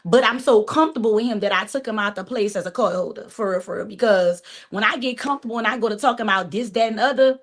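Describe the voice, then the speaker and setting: A blunt woman in her forties with a fairly high voice, holding forth in casual live-stream podcast chat. She swears freely and acts out the people in her stories as she talks. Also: fast talker, hardly any pauses. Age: 40s. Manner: blunt, profane, storytelling with acted-out quotes. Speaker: podcast cohost.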